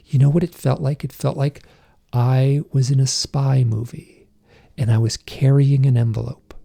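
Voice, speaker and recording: A middle-aged man, a podcast guest, recounting a personal experience in a halting, intense way, with emotional outbursts when he quotes himself. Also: mid-range voice, fairly even intonation, creaky, warm tone, slightly rough.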